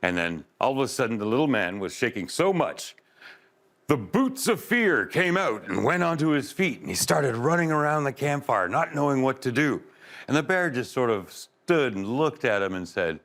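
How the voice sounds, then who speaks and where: Male storyteller for a kids' event, lowish gravelly voice, big swings in pitch, playful sound effects. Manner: expressive, sound effects and asides to listeners. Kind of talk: oral storytelling for children. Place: live event space.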